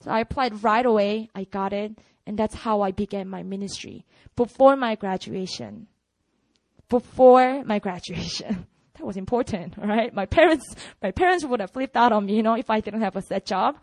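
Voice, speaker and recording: A young Korean woman with a Korean accent, telling a church her personal testimony in lively storytelling full of "you know" fillers. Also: medium pitch, fairly quick, no echo, poor audio. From South Korea. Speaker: ministry worker giving a testimony.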